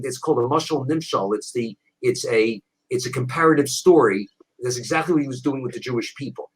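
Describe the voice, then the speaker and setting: Husky-voiced man teaching Bible. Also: a little high, poor audio. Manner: animated storyteller with frequent restarts. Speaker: rabbi, guest teacher.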